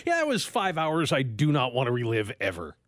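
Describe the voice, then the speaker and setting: A man hosting a radio talk show, relaxed, telling a story in casual chat. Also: mid-range voice, fairly quick, no echo, studio quality. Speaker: radio host.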